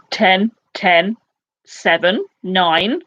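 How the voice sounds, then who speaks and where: A woman in her twenties hosting a casual live quiz, chatty and excitable, with quick asides. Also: mid-range voice, slightly rough, dull audio. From United Kingdom. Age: 20s. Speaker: quiz host.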